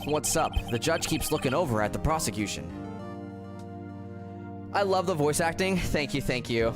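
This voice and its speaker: A man's voice: fairly high pitch, animated, normal speed. A man streaming a video game, chatting casually, laughing and teasing himself. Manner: self-mocking, giggly. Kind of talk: casual let's-play commentary. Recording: game music playing behind.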